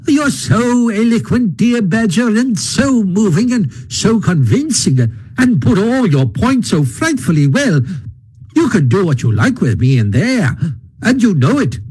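A man voicing a boastful, excitable male toad who refuses to repent, in a high, gushing, flamboyant manner. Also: breathy edge, full character voice.

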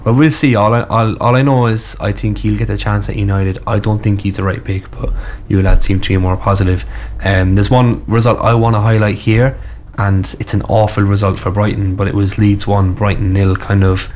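A man hosting a casual football chat, giving measured, opinionated takes. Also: lowish voice, fairly even intonation, a little mellow.

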